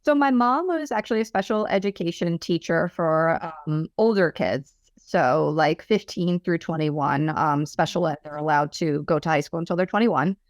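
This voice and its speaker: A woman's voice: deep voice, normal speed, few pauses, no echo, clean studio sound. A woman from Long Island with a subtle New York accent, chatting as an author guest on a video call, self-deprecating and laughing often. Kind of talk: casual interview chat.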